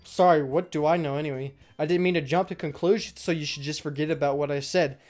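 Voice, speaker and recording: A man reading lines for a composed, polite club president girl in a soft, measured way. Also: fairly high pitch, fairly even intonation, soft background music, close to an everyday voice. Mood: gentle.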